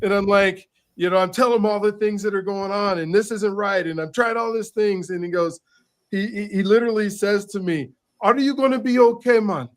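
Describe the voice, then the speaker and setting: Male author guest, lively anecdote teller, fairly high voice, full of restarts. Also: brisk. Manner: animated, repeats words as he restarts. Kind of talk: casual storytelling in conversation.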